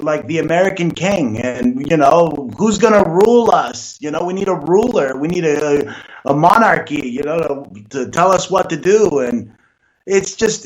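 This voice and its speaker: A male talk show host speaks in a loose, opinionated way, leaning on fillers like "you know". His voice sits a little above the usual male pitch. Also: poor audio. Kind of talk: casual talk show conversation.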